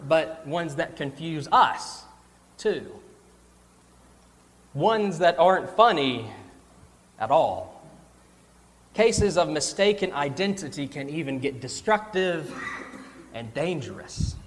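A young man preaching a sermon, telling a humorous personal story in an animated storytelling manner. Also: on the high side, long reverb tail.

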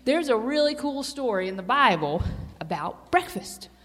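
A woman giving a children's sermon, chatty and animated, asking the kids questions as she tells a story. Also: fairly high pitch, moderate pace. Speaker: children's church teacher. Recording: long reverb of a hall.

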